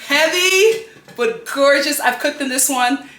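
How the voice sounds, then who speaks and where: A woman from Philadelphia chatting to the camera in her home kitchen, excitable and chatty, laughing often. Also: on the high side, measured pace. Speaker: home lifestyle vlogger. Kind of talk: casual chat to camera. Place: home kitchen under studio lights. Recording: echoey room.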